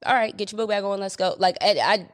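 A woman's voice: medium pitch, quick pace, dry recording, studio quality. A woman co-hosting a podcast, chatting earnestly about faith and telling stories with acted-out quotes. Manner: earnest, storytelling, acts out quotes. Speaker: podcast co-host. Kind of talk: casual faith chat.

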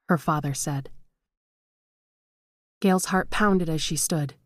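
A woman narrating a horror short story in a measured, dramatic way. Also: deep voice, dry recording, clean studio sound.

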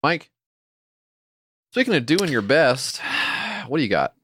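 A man's voice: medium pitch, sing-song, takes it slowly, fairly bright tone, slight background noise. A man co-hosting a comedy podcast, joking around in casual banter and stumbling over his words in a wry, rambling way. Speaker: podcast co-host.

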